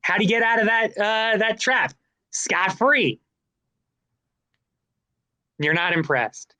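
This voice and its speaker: A man's voice: high-pitched, normal speed, bright, forceful tone, no room sound. A young man co-hosting a casual chat, telling stories animatedly and acting out voices in his anecdotes. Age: young adult. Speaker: student co-host.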